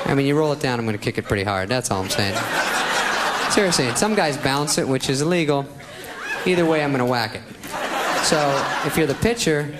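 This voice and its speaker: A male stand-up comedian telling a story in an animated, self-mocking way. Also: mid-range voice, heavy background noise. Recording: live club with loud audience laughter.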